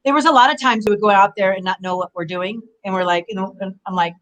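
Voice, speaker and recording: A woman in her forties talks as an interview guest in a middle-pitched voice. She rambles through animated stories and leans on "you know" as she goes. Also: quick pace, dull audio. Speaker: guest, former pro wrestler. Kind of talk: casual interview storytelling.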